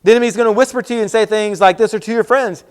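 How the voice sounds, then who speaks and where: A man giving a youth sermon in a casual, talky way, repeating key phrases. His voice sits high for a man, and he slips into quoted voices as he goes. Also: very fast. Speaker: youth pastor.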